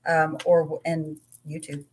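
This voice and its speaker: A low-pitched woman from Oklahoma co-hosts a relaxed live stream. She chimes in casually and tells small stories in an easygoing, descriptive way. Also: measured pace, a little hiss or hum. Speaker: co-host, spiritual practitioner.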